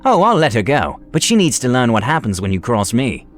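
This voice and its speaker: A man's voice: medium pitch, big pitch swings, fairly quick, faint music behind, close to an everyday voice. A man voicing a cruel male wizard who sneers and gloats. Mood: gloating.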